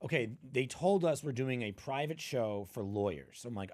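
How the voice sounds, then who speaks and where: A man tells comedy stories as a guest, in a voice of middling pitch. He is punchy and animated, and he acts out the people in his stories with big leaps in pitch. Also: normal speed. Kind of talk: animated storytelling chat.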